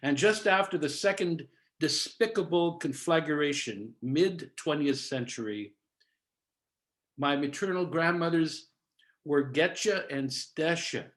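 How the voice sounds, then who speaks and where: A man in his seventies from Canada, a cantorial soloist giving a measured, didactic storytelling talk over a video call, sprinkling in Yiddish words. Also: a little high, fairly bright tone.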